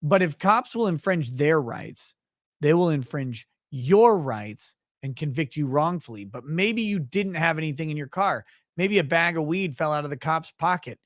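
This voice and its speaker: A man talks through a loose, profane livestream ramble, reacting to chat as he goes. His voice sits a bit on the high side for a man. The sound is dry and close, with no room around it. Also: lively intonation, moderate pace, no room sound. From Minnesota, USA. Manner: profane, rambling, laughs often. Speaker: livestream host reading chat.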